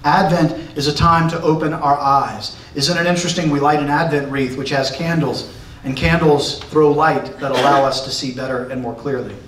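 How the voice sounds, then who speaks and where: A man giving a church lesson to his congregation, excitable and emphatic, sometimes shouting. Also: fairly high pitch, normal speed, recorded from a distance, a little hiss or hum. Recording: roomy echo, recorded from afar.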